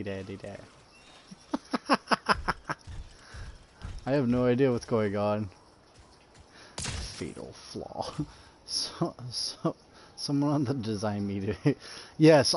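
A man's voice: medium pitch, unhurried, long pauses, darkish tone, a little hiss or hum. A man live-streaming a video game, swearing freely, laughing often and breaking into exasperated rants. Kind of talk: casual gameplay commentary.

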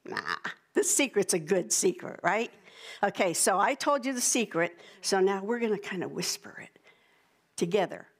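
A woman's voice: medium pitch, expressive, normal speed. Woman pastor with a playful, coaxing manner. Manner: playful, coaxing, speaks to a child. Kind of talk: children's sermon with prayer. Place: church sanctuary.

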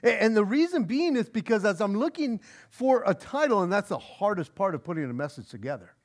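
High, lively-voiced male pastor preaching. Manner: earnest, frequent stammered restarts; reads scripture aloud slowly. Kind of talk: expository sermon.

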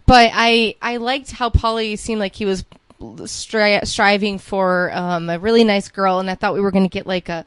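A woman's voice: mid-range voice, fairly even intonation, normal speed, clean tone, no room sound. A woman co-hosting a podcast, chatting casually about celebrity gossip in a gushing, rambling way. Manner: chatty, gushing, trailing off into asides. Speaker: podcast co-host.

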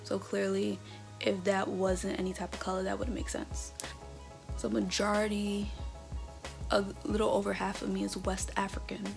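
A woman in her twenties, born in North America, chatting casually in a vlog and reading results aloud with animated reactions. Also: medium pitch, normal speed, vocal fry. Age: 20s. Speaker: vlogger. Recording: background music under the voice. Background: music.

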